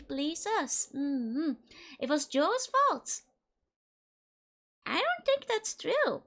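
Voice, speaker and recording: A woman streaming a horror game live, playful and giggly, greeting her chat one by one. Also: high voice.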